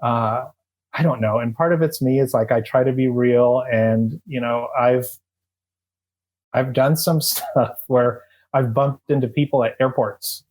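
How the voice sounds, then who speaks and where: A man's voice: mid-range voice, unhurried, a little mellow. A middle-aged man, a former eBay employee, telling stories as a podcast guest in a loose, rambling way with lots of fillers and restarts. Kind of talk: casual interview storytelling.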